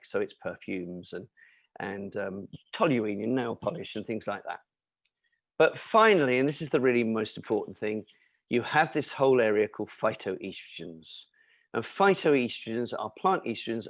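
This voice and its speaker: A man answering questions in an explanatory talk, lecturing in an animated way with emphatic asides and fillers. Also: on the low side, dry recording. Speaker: nutrition and cancer speaker answering questions.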